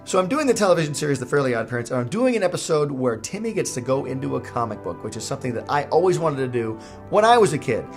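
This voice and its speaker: A man's voice: medium pitch, very animated, fast talker, faint music behind. A man, a cartoon creator, telling a jokey, self-mocking story in a casual vlog.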